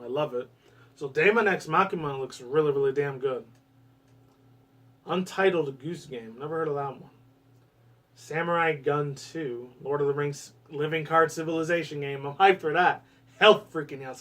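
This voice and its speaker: Swearing a lot and erupting in excited bursts, this West Coast American offers rambling, casual commentary on a game. His voice sits on the high side and sounds far from the mic.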